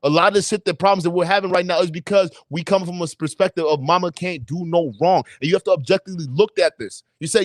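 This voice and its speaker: A young adult man on a livestream chat, telling personal stories in a lively, profane way and acting out the voices of people he quotes. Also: sits high, quick pace, few pauses, no echo. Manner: animated storytelling, acts out quoted voices, profane. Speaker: podcast co-host.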